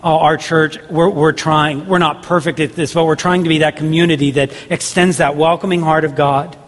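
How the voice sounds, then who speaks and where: A man's voice: on the high side, little pitch movement, normal speed. A man pastor preaching a sermon earnestly, with repeated rhetorical questions. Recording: long hall reverb.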